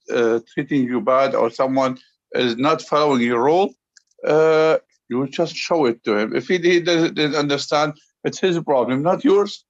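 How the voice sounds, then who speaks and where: A man who teaches, speaking on an online call to calm an upset host, halting and earnest with many "uh"s and restarts. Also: mid-range voice. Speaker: group member and teacher. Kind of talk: hesitant, conciliatory remarks on a call. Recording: dull lo-fi call audio.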